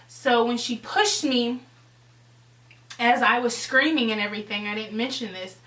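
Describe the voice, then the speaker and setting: A young woman vlogger telling a story in a casual, animated way, swearing freely and acting out the scene. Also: fairly high pitch, moderate pace, echoey room, far from the mic, low-quality recording. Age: young adult.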